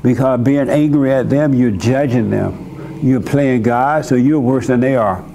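A man with a mid-range, dark-toned voice and some vocal fry hosts a church gathering, counseling a young caller directly and insistently. He fires short, pointed questions, repeats words for emphasis, and speaks without hurry. A little hiss or hum is audible.

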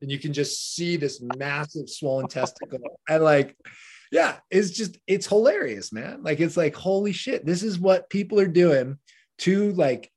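On a podcast, a man with a high-ish, darkish-toned voice relates a story in a relaxed, loose manner. Swearing is frequent, he laughs along, and "like" fills his speech.

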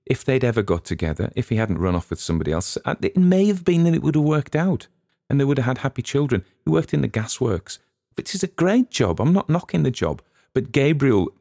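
A man's voice: medium pitch, vocal fry, mellow, no echo, clean studio sound. A man, hosting a podcast and chatting in a rambling, musing way with plenty of restarts. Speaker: podcast host. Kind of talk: casual rambling commentary.

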